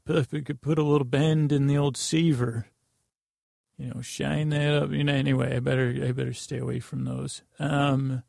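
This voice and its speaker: A sleep-deprived man talks in a heavily creaky, gravelly voice, close and dry with no room sound. He rambles through a bedtime podcast monologue that keeps wandering off. He stumbles, restarts and pokes fun at himself, and his pitch barely moves. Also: flat delivery, moderate pace, a little mellow, dry recording. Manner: meandering and self-deprecating, with many false starts. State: tired from lack of sleep. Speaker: podcast host.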